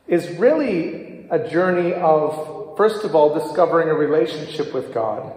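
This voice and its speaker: A man's voice: a little high, a little mellow. A man giving a conversational church teaching talk, posing questions to his audience. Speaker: speaker at a church teaching evening. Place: church hall. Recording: echoey hall with long reverb.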